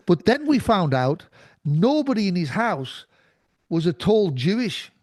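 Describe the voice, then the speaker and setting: Insistent high-voiced male guest. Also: sing-song, brisk, darkish tone, dry recording, studio quality. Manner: insistent, talks over others, rambling. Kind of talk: casual conversation.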